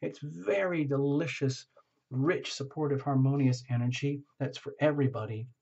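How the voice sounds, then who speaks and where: A man's voice: mid-range voice, moderate pace, gravelly, darkish tone, breathy edge, lo-fi sound. A man giving a casual tarot reading, enthusiastic and encouraging, speaking straight to the listener. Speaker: tarot reader.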